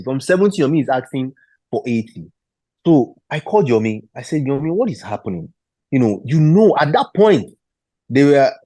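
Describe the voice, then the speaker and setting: A man's voice: mid-range voice, no echo. Man with a Nigerian accent telling a story. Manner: animated retelling, acting out the people he quotes; frequent restarts and repeated words. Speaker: guest footballer. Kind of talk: storytelling interview.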